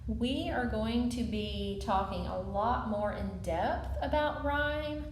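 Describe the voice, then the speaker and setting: A woman teacher talks slowly through a lesson, leaning on key syllables as she explains. Her voice sits a little high. The room around her is echoey, with faint noise in the background. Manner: slow, clear teaching with stressed syllables. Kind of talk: recorded classroom lesson.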